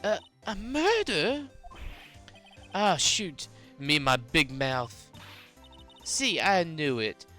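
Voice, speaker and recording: A woman's voice: sits low, sing-song, takes it slowly, long pauses, a bit bright, soft background music, pitched above the performer's own voice, full character voice. A woman voicing a brash, nosy female photographer in a put-on southern US drawl, as in a video game. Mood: boastful. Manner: pushy, nosy, boastful.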